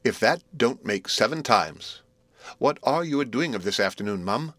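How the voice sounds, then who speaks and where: A man's voice: mid-range voice, animated, moderate pace, a bit bright, dry recording. A man reading a storybook aloud, voicing a blunt, bustling working-class woman nursemaid who scolds and exclaims, in a raised voice. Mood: exasperated. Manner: scolding, exclaiming, plain-spoken.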